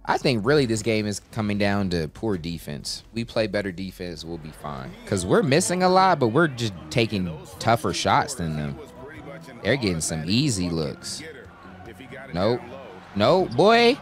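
A young man giving live commentary on his own basketball video game, talking to his teammates and shouting at big plays. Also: lowish voice, expressive, unhurried, soft background music. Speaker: gaming YouTuber.

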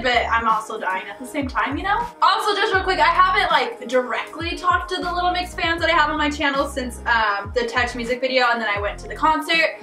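A woman's voice: high-pitched, animated, a little fast, hardly any pauses, bright, forceful tone, distant mic. A young woman gushing and squealing as she reacts to a music video, laughing and swearing often. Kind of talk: excitable reaction vlog. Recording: echoey room, voice off-mic, music playing.

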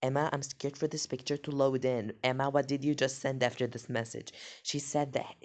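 A woman reading a text story aloud and commenting on it in an excitable, jokey way. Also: extremely low pitch, brisk. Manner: excitable, jokey, reacts with gasps and laughs. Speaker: story reader.

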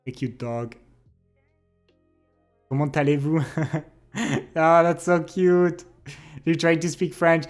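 A man's voice: on the high side, unhurried, pauses often, darkish tone, soft background music. A young adult man livestreaming, chatting casually with his viewers, reading their messages aloud and teasing them playfully.

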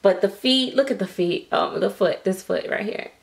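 A woman reviewing doll kits in a casual vlog, gushing with frequent excited exclamations and using Southern vernacular like "y'all". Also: mid-range voice, moderate pace, gravelly. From United States.

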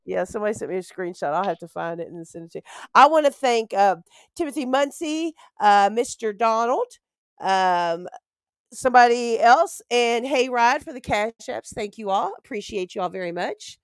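An older woman co-hosts a casual live-stream talk show, trading gossip in a chatty way. Her voice sits a bit high for a woman. The sound is close and dry. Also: expressive, moderate pace, clean tone, no room sound. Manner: gossipy, chatty, often breaks into laughter. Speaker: co-host.

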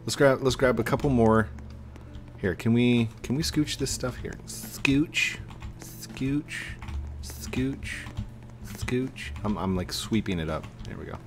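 A man hosting a playful Roblox let's play, goofy and excitable, chatting to viewers and jumping way up in pitch when things go wrong. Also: normal speed, music in the background. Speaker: gaming channel host.

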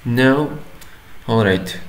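A man talks through a software tutorial at an easy, unhurried pace, his pitch sitting in a middling range. He explains each step plainly and drops an "okay" between steps. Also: poor audio. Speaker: tutorial maker. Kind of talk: screen-recording tutorial voice-over.

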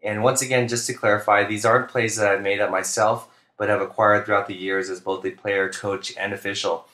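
A man, a basketball coach, narrating instructional plays in a flat, deliberate monotone, speaking clearly. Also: lowish voice, reverberant. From United States. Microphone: home recording for narration.

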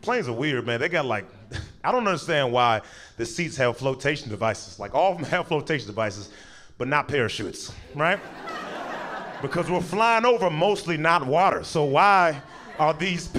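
A man in his thirties doing high-energy stand-up comedy on stage, animated and jumping into voices. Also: normal speed. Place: comedy stage before a live audience. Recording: live show with audience noise.

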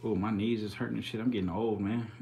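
A man's voice: lowish voice, little pitch movement, normal speed, dark tone, a little hiss or hum. A man hosting a live stream, giving casual commentary in slangy, profane, hyped-up banter.

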